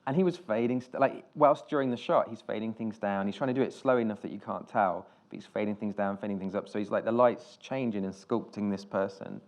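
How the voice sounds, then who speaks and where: British male director, low-pitched, loose anecdotal talker who swears casually. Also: a little fast, hardly any pauses, a little mellow. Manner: rambling anecdotal storytelling with restarts and casual swearing. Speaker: film director, interview guest. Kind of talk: live on-stage conversation.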